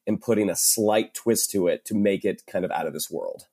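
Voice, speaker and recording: A man's voice: low-pitched, moderate pace, gravelly, mellow, husky. A man, an actor and writer, guesting on a film podcast and talking thoughtfully with lots of fillers. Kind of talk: casual film discussion.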